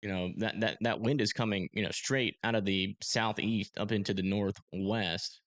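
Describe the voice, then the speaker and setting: Man, lowish voice, dry close sound, casual live weather commentary, halting. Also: fairly even intonation, a bit bright, no room sound. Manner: casual, halting, thinking aloud with fillers. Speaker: storm-tracking livestream host.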